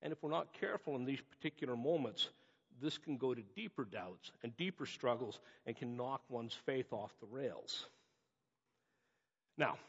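A man's voice: medium pitch, fairly bright tone, breathy edge. A man from North America preaching a sermon as a pastor, earnest and emphatic, repeating key phrases. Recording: dull lo-fi audio with long hall reverb.

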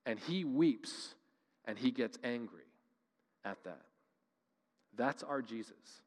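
A male pastor from Canada preaching a sermon with passion, moving between loud emphatic lines and quiet, slow ones. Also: mid-range voice, expressive. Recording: long reverb of a large hall.

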